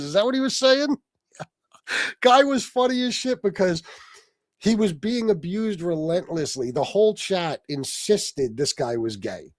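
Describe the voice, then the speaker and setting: A man hosting a loose, casual livestream, swearing freely and laughing through his own stories as he answers his chat. His voice sits a little high for a man and keeps lifting with amusement. The sound is dry and close, with no room around it. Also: big pitch swings, a little slow, no room sound. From Sicilian heritage. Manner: profane, laughing storyteller, reads chat aloud. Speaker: livestream host.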